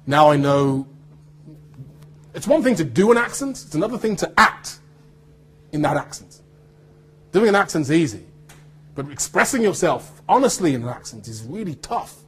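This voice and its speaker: An English man, an actor, giving an animated anecdotal talk to students and acting out voices as he tells stories. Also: on the high side, normal speed, pauses often, slight background noise. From United Kingdom. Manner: animated storyteller, acts out voices.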